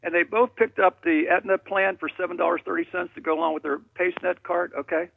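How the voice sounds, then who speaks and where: A man's voice: high voice, steady tone, fast talker, vocal fry, a little hiss or hum. A man calling in to a radio show, telling rambling, jokey stories over a phone line. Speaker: caller.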